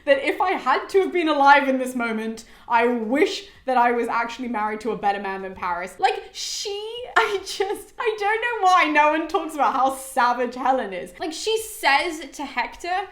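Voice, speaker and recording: A woman's voice: sits high, very animated, moderate pace, hardly any pauses, fairly bright tone. Chatty woman in an echoey room. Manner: chatty and irreverent, swears, voices characters in quotes. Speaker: classics video host. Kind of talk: casual book summary.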